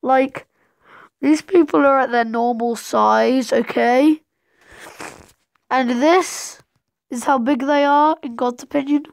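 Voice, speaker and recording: A woman's voice: high-pitched, fairly even intonation, slow, creaky, long pauses, no room sound. A woman telling a rambling, playful made-up story while drawing, with sudden dramatic outbursts.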